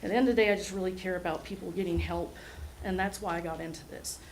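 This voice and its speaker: A woman's voice: fairly low pitch, fairly even intonation, quick pace, creaky, a little hiss or hum, poor audio. A woman, an ambulance service administrator speaking earnestly and a little nervously at a city meeting. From Oklahoma. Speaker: EMS administrator. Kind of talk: public remarks at a city meeting. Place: city hall meeting room.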